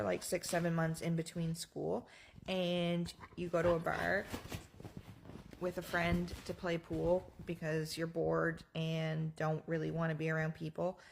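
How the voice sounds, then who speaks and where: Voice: medium pitch, gravelly, slight background noise. A speaker from Nova Scotia telling a personal story casually to camera in a laid-back, dry way. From Nova Scotia, Canada.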